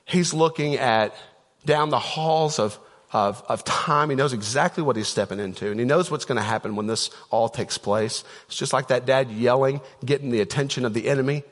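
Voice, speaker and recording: A man's voice: mid-range voice, moderate pace. A man preaching a casual, conversational sermon as a pastor, telling a story with many fillers and restarts. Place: church auditorium. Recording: long church-hall reverb.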